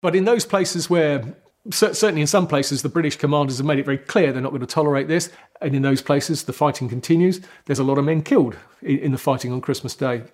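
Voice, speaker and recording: A male historian explaining in an interview in a slightly higher voice, speaking deliberately. He hedges his points and restarts his sentences as he works his way through them. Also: a little mellow. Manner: deliberate, hedging, with repeated restarts. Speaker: historian guest.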